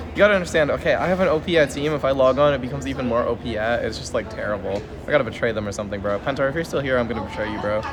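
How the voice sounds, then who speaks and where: A young man livestreaming from an airport terminal floor on his phone, rambling in a half-whispered, self-mocking way. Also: mid-range voice. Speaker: streamer. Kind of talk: casual livestream chat. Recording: phone stream with airport noise.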